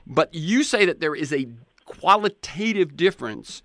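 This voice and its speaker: An older man in his seventies hosts a conversational interview, his voice bright and forward. He rambles through personal stories, doubling back and restarting his sentences often. The sound is close and dry, with no room around it. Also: fairly high pitch, expressive, moderate pace, dry recording. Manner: rambling storyteller, frequent restarts. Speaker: podcast host.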